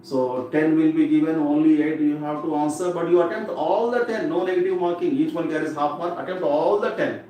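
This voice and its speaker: A man's voice: on the high side, fairly quick, warm tone. A man teaching an exam-prep English lesson, who repeats key words and drills pronunciation aloud. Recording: echoey room from far off with faint noise.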